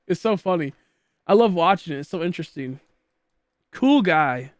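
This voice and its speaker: Young male streamer from Michigan, slightly high voice, dry close sound, rambling goofy casual chatter. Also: lively intonation, normal speed, dry recording. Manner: rambling, goofy, filler-heavy. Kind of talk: casual chat while gaming.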